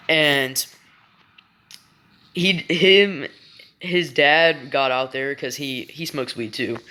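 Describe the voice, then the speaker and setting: A man's voice: medium pitch, bright, forceful tone, clean tone. A young man telling a story in a casual, rambling way, swearing often and stopping to restart his sentences. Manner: rambling, profane, full of fillers and restarts. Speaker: vlogger.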